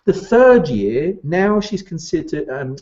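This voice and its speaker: Animated male business coach, lo-fi. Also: fairly high pitch, slow. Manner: animated, addresses listener directly with rhetorical questions. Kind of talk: direct-to-camera coaching talk.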